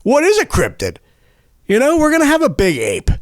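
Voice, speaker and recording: A male comedy show host ranting in a rambling, excitable way, swearing constantly and tripping over his words. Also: very high voice, fairly quick, no room sound, studio quality.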